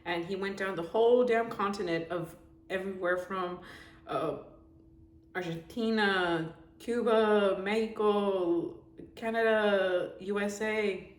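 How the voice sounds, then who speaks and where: A woman's voice: mid-range voice, steady tone, slow. A young woman vlogger giving a casual, heartfelt, rambling review with lots of fillers. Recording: echoey room with faint background noise.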